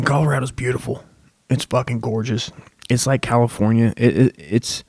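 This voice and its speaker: A man's voice: mid-range voice, darkish tone, no room sound. A young man hosting a comedy podcast, rambling through a crude, profane monologue full of swearing.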